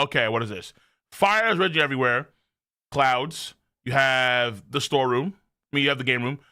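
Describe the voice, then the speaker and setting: A man chats to his stream viewers in a casual, excitable way, swearing often and breaking into loud outbursts. His voice sits high, jumps all over the place, and has a bright, forceful edge. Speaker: streamer reacting to a manga chapter. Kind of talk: live reaction stream, casual chat to viewers.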